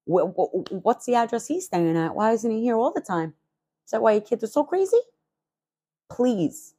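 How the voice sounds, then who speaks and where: Woman podcast host, low husky voice, profane sarcastic rant. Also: normal speed. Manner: fiery, sarcastic, swears constantly; animated, leaps up in pitch for emphasis.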